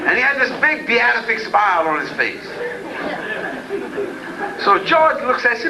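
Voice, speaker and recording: A man's voice: very high-pitched, sing-song, normal speed, pauses often, roomy sound, a crowd in the background, rough recording. A man giving a lecture in a folksy, digressive and humorous storytelling way.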